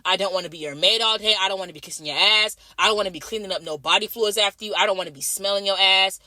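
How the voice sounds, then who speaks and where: Fast, bright-voiced young nurse ranting. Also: female voice, medium pitch, no echo. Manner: blunt, repetitive, heavy swearing. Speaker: night-shift nurse. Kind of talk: profane ranting vlog.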